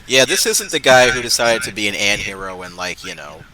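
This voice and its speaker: A man's voice: lowish voice, lively intonation, fairly quick, bright, forceful tone, low-quality recording. A man co-hosting a casual podcast, ranting hotly with lots of swearing. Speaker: podcast co-host.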